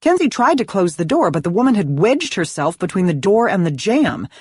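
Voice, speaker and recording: A woman narrating a thriller audiobook in an expressive, dramatic reading style. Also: medium pitch, a little fast, breathy edge, dry recording, studio quality. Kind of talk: scripted narration.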